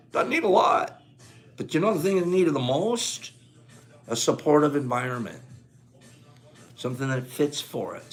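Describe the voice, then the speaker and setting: A man's voice: mid-range voice, a bit bright. A man reading a book aloud and breaking into emotional commentary, getting carried away, laughing often and talking to his listeners. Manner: gushing, gets carried away, near tears. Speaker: book reader.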